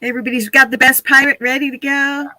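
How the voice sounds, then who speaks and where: A woman's voice: sits high, level tone, fast, bright, forceful tone, no room sound, rough recording. A woman hosting a casual live stream, chatty and laughing often as she talks to her viewers.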